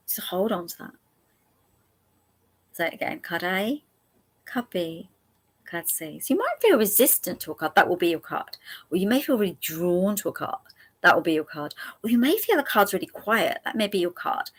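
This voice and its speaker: Brief: woman hosting a live card reading. Chatty and mid-pitched, laughs easily, repeats the choices slowly for viewers. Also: slightly rough. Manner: warm, chatty, laughs often, speaks directly to viewers; repeats options slowly and gently. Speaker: angel card reader hosting a live stream.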